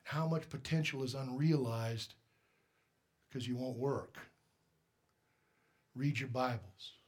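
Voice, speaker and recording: A man's voice: mid-range voice, takes it slowly, breathy edge. A man preaching a sermon as pastor, emphatic and direct, firing rhetorical questions at the congregation.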